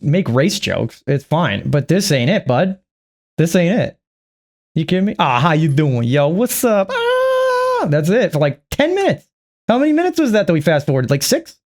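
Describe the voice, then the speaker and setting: A man's voice: fairly high pitch, a little mellow. A man giving casual reaction commentary on clips, sarcastic and profane, mocking what he watches. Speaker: reaction streamer.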